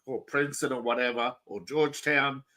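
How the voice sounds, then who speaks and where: A man's voice: medium pitch, steady tone, fairly quick, pushed and bright, poor audio. A man hosting a casual political talk show, rambling and opinionated, with frequent restarts. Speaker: podcast host.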